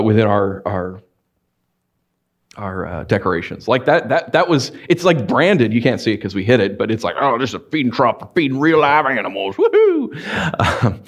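Animated man preaching a sermon. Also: mid-range voice. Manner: animated, asks the congregation many questions. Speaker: pastor. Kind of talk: conversational sermon. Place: church sanctuary.

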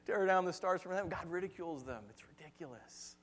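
A man preaching a sermon, telling stories with lively acted-out quotes and frequent laughter. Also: sits high, fast. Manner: animated storytelling, acts out quotes, laughs often. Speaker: pastor.

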